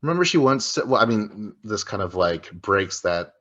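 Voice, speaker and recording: Man, podcast co-host, low voice, crude joking banter, dull lo-fi audio. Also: sing-song, moderate pace, fairly bright tone. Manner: joking, profane, rambling. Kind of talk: casual podcast recap chat.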